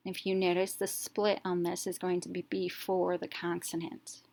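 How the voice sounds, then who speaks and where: Lower-voiced woman teaching phonics step by step. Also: monotone, a little mellow. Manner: slow, deliberate, sounds out letters one at a time.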